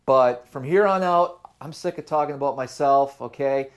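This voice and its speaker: On his fishing channel, the young adult host rambles through the story of a tournament, speaking casually to the camera with plenty of fillers. He has a mid-range voice and a moderate pace.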